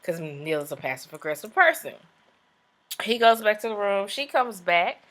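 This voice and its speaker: A woman's voice: mid-range voice, sing-song, normal speed, a bit bright. A young woman casually recapping a reality show, chatty, with sassy asides and acted-out quotes.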